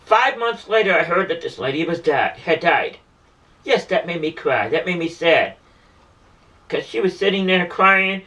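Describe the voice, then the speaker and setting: A man's voice: high-pitched, animated, measured pace, pushed and bright, recorded from a distance, low-quality recording. A man delivering an emotional, pleading monologue about faith and the meaning of life, repeating himself often. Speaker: self-styled spiritual messenger.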